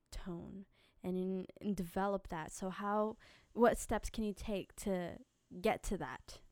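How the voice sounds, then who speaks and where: A woman hosting a casual podcast, chatty and animated, giving singing advice with a slightly dry voice from little sleep. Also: mid-range voice, no room sound. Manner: animated, chatty, quick asides and filler words. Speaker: podcast host and singing teacher.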